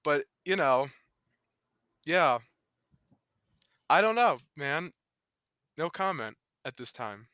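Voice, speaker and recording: A young man with a bright, smooth and resonant voice, chatting as a podcast guest. He talks in a wry, rambling way, sprinkled with laughter, and the sound is dry and close. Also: fairly high pitch, lively intonation, takes it slowly, long pauses, dry recording. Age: young adult. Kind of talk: casual chat among friends.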